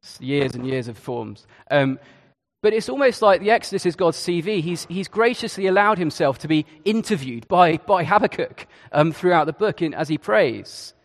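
A man's voice: fairly high pitch, animated, normal speed, creaky, long reverb tail. A man preaching a sermon in a conversational way, with hesitations and asides. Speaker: Church of England preacher.

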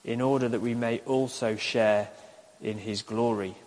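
A man preaching a recorded sermon, speaking slowly and repeating his questions for listeners to write down. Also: medium pitch, fairly even intonation, darkish tone. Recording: echoey hall with long reverb.

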